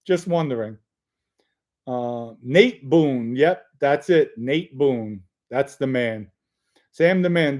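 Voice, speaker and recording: With a fairly high, expressive, darkish voice, a middle-aged man takes his time as he hosts a relaxed livestream. He reads chat comments aloud, jokes with viewers, and drifts from one rambling story to the next.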